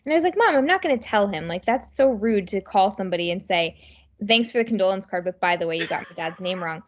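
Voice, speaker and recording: A woman's voice: mid-range voice, lively intonation, fast. Chatty woman telling stories, lo-fi sound. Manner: chatty storyteller, many fillers. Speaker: podcast co-host. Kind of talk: casual chat.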